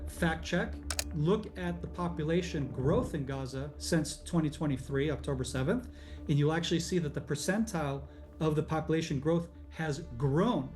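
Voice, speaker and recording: Insistent higher-voiced man with faint music. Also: normal speed, a little mellow. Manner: insistent, presents claims as facts. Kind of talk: assertive argument.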